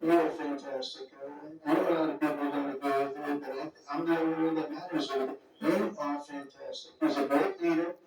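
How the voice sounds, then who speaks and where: This political leader's voice sits a little high, fairly quick and fairly even in intonation, as he rambles off the cuff at a summit. Digressions and superlatives fill the speech, and the distant mic picks up heavy hall echo and faint music.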